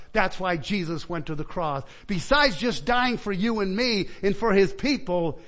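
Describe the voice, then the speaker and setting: A man preaching with a fairly high voice. He rises to loud, pleading calls and drops to quiet reflection, often stopping to ask his listeners questions and restarting his words. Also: expressive, a little slow, few pauses. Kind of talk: sermon.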